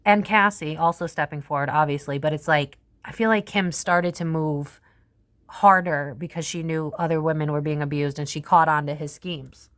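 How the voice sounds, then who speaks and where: Tarot-reading woman, lowish voice, loose and profane, laughs a lot. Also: steady tone, normal speed, a bit bright. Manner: profane, rambling, laughs often. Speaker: psychic tarot reader. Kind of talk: casual tarot reading monologue.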